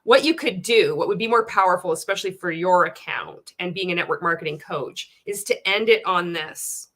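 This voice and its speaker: A woman's voice: fairly low pitch, moderate pace. A woman hosting a casual livestream, reading chat comments aloud and mocking a coach, swearing freely and laughing often. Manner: profane, laughing often, animated and teasing.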